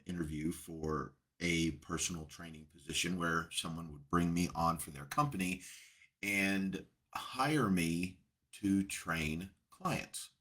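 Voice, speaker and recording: Husky-voiced earnest male coach. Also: low-pitched, fairly bright tone. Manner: earnest, reflective, with many restarts. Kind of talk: casual motivational talk to camera. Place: seated in front of a camera.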